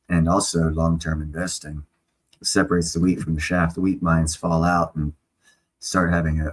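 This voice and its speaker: A man's voice: low voice, breathy edge. A man chatting on a casual livestream, blunt and opinionated, swearing freely.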